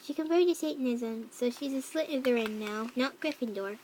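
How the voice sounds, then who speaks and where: A woman voicing a young cat-girl troll who reads a fanfic aloud, with flat narration, mocking asides and yelled quotes. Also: fairly high pitch, moderate pace, background noise, natural voice. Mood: deadpan reading. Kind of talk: fan reading of a story.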